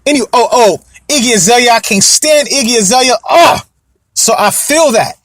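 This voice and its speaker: A man's voice: very high-pitched, fairly quick, fairly bright tone, no echo, studio quality. A young man hosting a casual commentary podcast, rambling and repeating himself, often asking if you know what he means. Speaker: podcast host.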